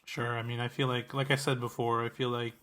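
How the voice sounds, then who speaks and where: A man co-hosting a movie podcast, talking in a relaxed, hedging way. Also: mid-range voice, a little fast. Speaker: podcast co-host. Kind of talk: casual podcast chat.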